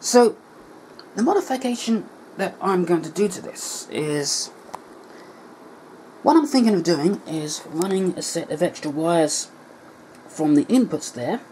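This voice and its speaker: A man's voice: high-pitched, expressive, unhurried, long pauses, darkish tone, a little hiss or hum, poor audio. A man explaining an electronics repair at his workbench in a casual tutorial, thinking aloud and correcting himself as he goes. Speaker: electronics hobbyist.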